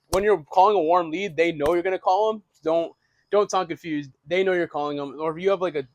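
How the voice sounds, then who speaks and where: A young man giving a casual, energetic real estate lesson, restarting phrases and swearing now and then. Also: high-pitched, dry recording. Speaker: real estate wholesaling instructor.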